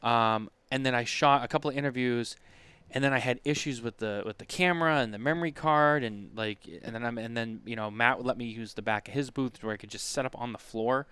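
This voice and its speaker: A man co-hosting a relaxed podcast, spinning a rambling story full of restarts and quoted back-and-forth. His voice is smooth and resonant, recorded close and dry with no room sound. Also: mid-range voice, brisk, no room sound. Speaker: podcast co-host. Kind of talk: casual chat.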